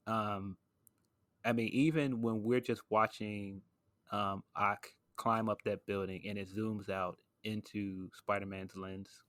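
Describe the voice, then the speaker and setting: A man's voice: lowish voice, steady tone, slow, fairly bright tone, no room sound. A man hosting a casual podcast, gushing enthusiastically about a film and comparing it to wrestling. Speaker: podcast host.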